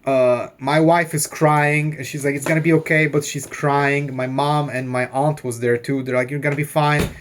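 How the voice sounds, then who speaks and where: A level-toned, mid-range voice moves unhurriedly with hardly any pauses over slight background noise. The man, a vlogger in his thirties, loosely recounts a long personal story, heavy on "like" and swearing.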